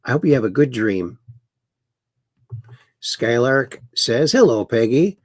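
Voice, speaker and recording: A man's voice: mid-range voice, animated, slow, no room sound, studio quality. A man hosting a casual livestream, reading viewer comments aloud and mocking the news with chuckles. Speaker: livestream host.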